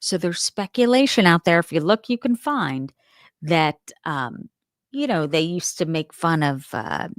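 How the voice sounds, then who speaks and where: A woman's voice: lowish voice, lively intonation, a little slow, no echo, clean studio sound. A woman hosting a crime show, giving casual, candid opinions and thinking aloud as she talks.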